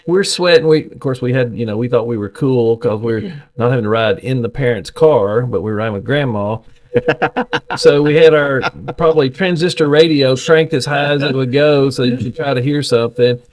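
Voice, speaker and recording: A middle-aged man, telling animated, folksy stories as a podcast co-host in casual chat. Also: medium pitch, brisk.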